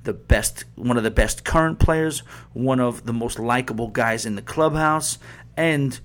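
A male sports podcast host goes on a heated, profane rant that rambles, full of restarts and asides. His voice is medium-pitched and a bit bright, and his pace is measured.

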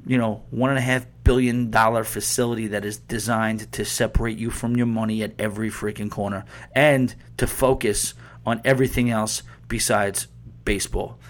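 The host of a sports podcast, a man with a lowish, level voice, speaks at a normal speed. He delivers a rambling, heated and profane rant packed with restarts and side comments.

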